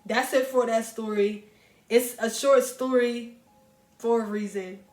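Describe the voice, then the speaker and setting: A woman chatting casually about books she recommends, animated and talking straight to her viewers. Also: fairly high pitch, unhurried. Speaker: book reviewer. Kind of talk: casual book recommendation chat. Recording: echoey room with faint music.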